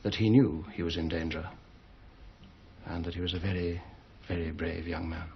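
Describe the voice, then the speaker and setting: A formal army officer speaking slow, measured condolences in a very deep voice. The sound is slightly dull. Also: male voice, little pitch movement, gravelly, slight background noise. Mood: solemn. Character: formal male army officer consoling parents.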